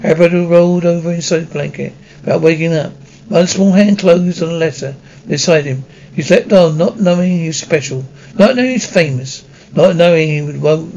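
Guy reading an audiobook, stumbles a lot, gravelly voice, dull lo-fi sound. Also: fairly high pitch, darkish tone. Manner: halting, with frequent slips and restarts. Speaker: audiobook reader. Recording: dull lo-fi recording.

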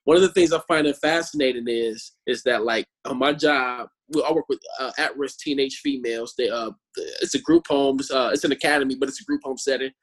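A man, a Christian musician, telling stories in a casual chat, animated and fond of repeating words. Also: medium pitch, brisk. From born in Chicago, raised in Omaha. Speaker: Christian musician and street preacher.

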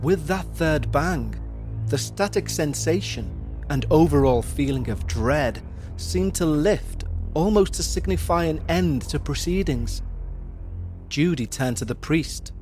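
A man narrating a scripted paranormal horror story, his voice somewhat high for a man. He tells it in a steady, measured way. Faint music plays behind him.

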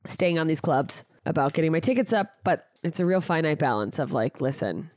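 A woman's voice: low-pitched, expressive, brisk, a little mellow, dry recording, studio quality. A woman hosting her own podcast, chatting casually and rambling through plugs and tour dates, self-deprecating and swearing freely. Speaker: podcast host and stand-up comedian. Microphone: studio microphone.

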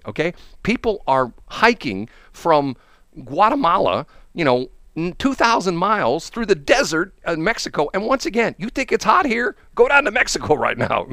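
A man's voice: fairly high pitch, vocal fry, no room sound, studio quality. A man hosting a casual talk show, rambling through opinionated stories with asides. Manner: rambling, animated storytelling with laughs and asides.

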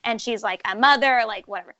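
A woman's voice: on the high side, fast talker, bright, forceful tone, no echo, dull audio. A woman co-hosting a casual movie podcast, chatty and blunt, laughing often as she talks. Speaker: podcast co-host.

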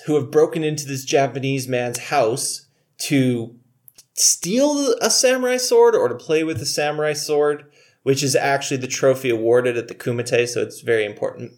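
A man's voice: medium pitch, darkish tone. A man co-hosting a casual comedic movie review chat, laughing often and joking in mock courtroom banter. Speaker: podcast co-host.

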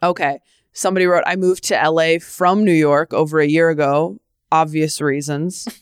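A young woman co-hosts a casual podcast, her voice sitting a bit low. She tells stories with sarcastic, animated asides. The sound is close and completely dry. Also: moderate pace, smooth, no room sound. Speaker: podcast co-host. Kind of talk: casual chat. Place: living in New York.

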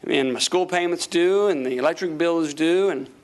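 A man preaching a sermon, telling a story with lively acted-out quotes and frequent laughter. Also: fairly high pitch, normal speed. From Florida. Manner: animated, acts out quotes, laughs often. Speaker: pastor.

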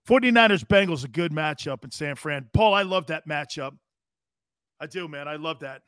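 A man hosting a sports talk show, telling rambling, profane stories in a loud, brash way. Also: a little high, lively intonation, moderate pace, no room sound, clean studio sound. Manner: loud, brash, profane storytelling with acted-out quotes.

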